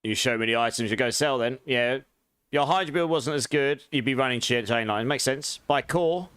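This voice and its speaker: A man's voice: mid-range voice, normal speed, clean tone, no room sound. A man from England with a London and Essex accent touched with posh, chatting casually and answering his chat during a live game stream. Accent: London and Essex English with a posh touch. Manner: chatty, relaxed, reads and answers chat, laughs often.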